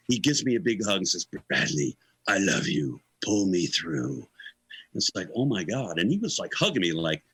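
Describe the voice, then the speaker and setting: A man in his sixties, a guest musician, telling a lively story in an interview and acting out the quotes. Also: a little high, husky, poor audio. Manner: animated storyteller, acts out quotes, laughs between lines.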